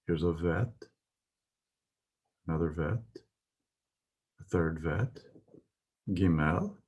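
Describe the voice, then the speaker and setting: A man with a husky voice teaching a lesson, reading words slowly and carefully with some pauses. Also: deep voice. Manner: spells out words carefully, pausing with "uh". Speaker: Hebrew teacher. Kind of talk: slow, deliberate lesson.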